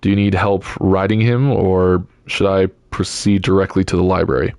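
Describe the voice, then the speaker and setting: A man voicing a proper, quick-tempered young lady who answers in indignant, clipped retorts. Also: sits low, level tone, darkish tone, clean tone, no room sound, clean studio sound.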